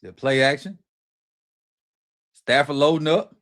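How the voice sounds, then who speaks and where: A middle-aged man hosting a watch party, calling plays live with excited, slangy reactions. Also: medium pitch, normal speed, pauses often. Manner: excited, animated play-by-play reactions with Southern slang. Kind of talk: live football watch-along commentary.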